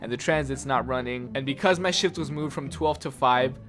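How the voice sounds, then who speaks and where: A man's voice: mid-range voice, fairly quick, music in the background. A man telling a personal story in a casual, exasperated rant full of swearing. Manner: exasperated, profane ranting.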